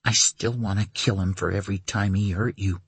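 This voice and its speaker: A man's voice: deep voice, fairly even intonation, normal speed, husky, no echo. A man reading an audiobook, voicing a traumatized young son whose voice turns hard and cold. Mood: bitter. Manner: pleading, then hard and cold. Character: traumatized young son, boy, fierce and grieving. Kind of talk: audiobook character voice.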